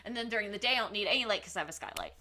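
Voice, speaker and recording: A woman co-hosting a podcast, chatting casually and telling stories with emphatic, animated delivery. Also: medium pitch, very fast, slight background noise. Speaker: podcast co-host. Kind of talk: casual chat.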